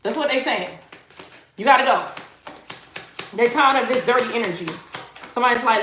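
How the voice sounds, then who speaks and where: A woman's voice: fairly high pitch, normal speed, long pauses. A woman giving a livestreamed tarot reading. She is emphatic and slangy and repeats her phrases. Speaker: tarot reader. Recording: echoey room, faint noise.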